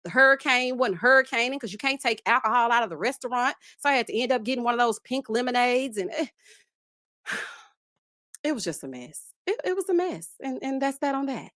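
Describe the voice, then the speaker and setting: Animated and casual, a woman in her 30s hosts a reality-TV recap, laughing a lot and addressing listeners as "child" and "honey." Her slightly high voice has a sharp tone, recorded at studio quality with no echo.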